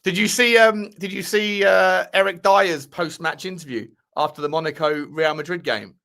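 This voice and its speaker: A man's voice: high-pitched, moderate pace, gravelly, pushed and bright. A man co-hosting a football podcast, chatting in laid-back, jokey banter. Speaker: co-host. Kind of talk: casual chat.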